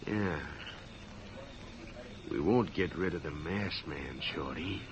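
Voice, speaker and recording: An actor playing a cold, calculating outlaw leader in a 1940s radio drama, speaking in a low, conspiratorial way. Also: male voice, takes it slowly. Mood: scheming. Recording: hissy, dull old radio broadcast.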